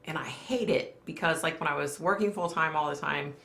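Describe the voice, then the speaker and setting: A middle-aged woman hosts a casual livestream chat, laughing often and reading viewer comments aloud. Her low, gravelly voice still sounds bright and forward, her pace is brisk, and the room echoes.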